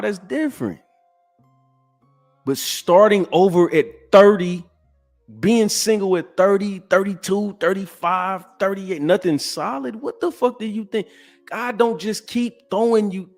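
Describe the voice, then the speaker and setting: A man's voice: lively intonation, unhurried, faint music behind. Blunt, profane man in his forties. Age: 40s. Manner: blunt, profane, swings from loud outbursts to low sighing. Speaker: podcast host. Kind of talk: ranting commentary.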